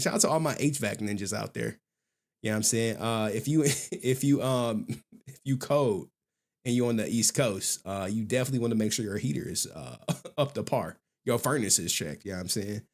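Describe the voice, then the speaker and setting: A man's voice: mid-range voice, fairly quick. A man hosting a live stream in casual commentary, slangy and laughing, with repeated asides.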